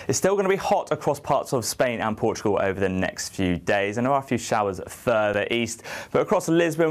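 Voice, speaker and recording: A man presenting a weather forecast, upbeat, lifting the start of key phrases. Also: on the low side.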